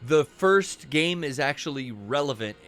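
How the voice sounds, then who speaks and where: A man co-hosting a casual chat show, quick to joke and swear. His pitch swings widely. Faint music plays underneath. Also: lively intonation, a bit bright. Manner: jokey, swears, sudden outbursts. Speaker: co-host.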